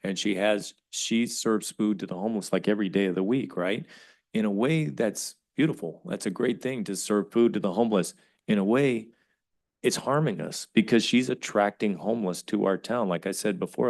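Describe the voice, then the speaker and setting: A man with a somewhat low voice and a Californian accent speaks at a city council meeting. He argues firmly and emphatically, often stumbling and restarting his sentences as he presses his point. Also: a little fast. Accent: Californian English. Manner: forceful, emphatic, frequent restarts.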